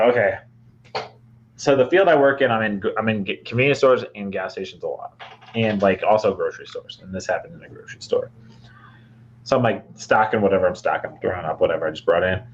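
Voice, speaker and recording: A man's voice: lowish voice, a little fast, dull audio, a little hiss or hum. A young man from Michigan, a podcast co-host, telling a long rambling story with lots of fillers and restarts. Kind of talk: casual storytelling chat.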